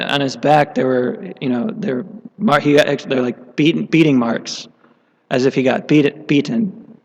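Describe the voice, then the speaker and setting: A man giving a scripture class, telling a story casually with many fillers and restarts. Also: mid-range voice. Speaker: class speaker. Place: temple hall. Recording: long hall reverb.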